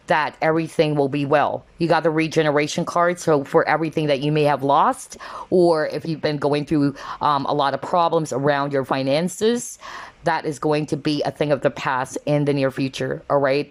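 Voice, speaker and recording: A woman's voice: deep voice, fairly even intonation, normal speed. A woman giving a casual tarot card reading to her viewers, earnest and emotional, talking with lots of fillers like "kind of, like" and "you know.". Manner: earnest, emotional, openly moved.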